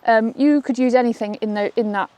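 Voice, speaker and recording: A chatty woman with a fairly high voice teaches dog training while out on a walk. She talks upbeat and keeps checking in with "okay?", recorded outdoors on a camera she holds. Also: steady tone, a little fast, warm tone. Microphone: camera she holds while walking.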